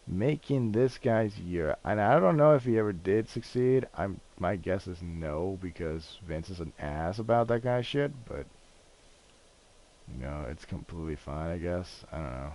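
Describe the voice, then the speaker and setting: A man with a low voice talks loosely while playing a game on stream. He rambles, gets excited and curses freely, like chatting with friends. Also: moderate pace. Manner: rambling, excitable storytelling with frequent swearing. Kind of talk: casual gaming stream chat.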